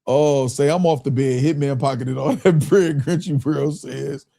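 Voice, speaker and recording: A man's voice: medium pitch, unhurried, creaky. A man hosting a live stream, reading viewer super chats aloud in loose, slangy casual talk. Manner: loose, slangy, keeps breaking into laughter; reads viewer comments aloud in a relaxed drawl.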